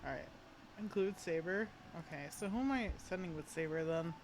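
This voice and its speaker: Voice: mid-range voice, moderate pace, background noise. A game streamer playfully reading and commenting on a game story with chatty asides.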